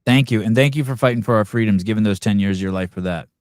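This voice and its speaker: A man's voice: fairly low pitch, quick pace, darkish tone, no room sound. A man hosting a podcast, chatting casually with a guest, swearing now and then. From California. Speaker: podcast host.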